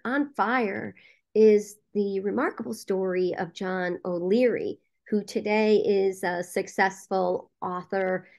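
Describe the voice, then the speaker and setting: A woman guest on a podcast interview, a casting director and producer telling a story in a lively way with frequent "um" fillers. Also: medium pitch.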